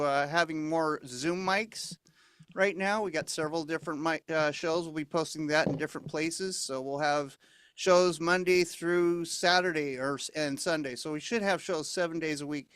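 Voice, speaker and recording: A man talking casually on a video call about his upcoming comedy shows, low-key and hesitant. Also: moderate pace, fairly bright tone, clean tone, no echo. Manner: low-key, with fillers and restarts. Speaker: comedy show host.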